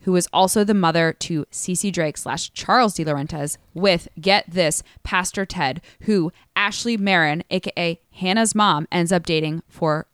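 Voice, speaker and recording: A young woman calmly laying out a tangled story on a podcast, with dry jokes. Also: lowish voice, moderate pace, hardly any pauses, clear, resonant tone, no room sound. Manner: matter-of-fact explainer, dry jokes. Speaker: podcast guest. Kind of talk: casual chat.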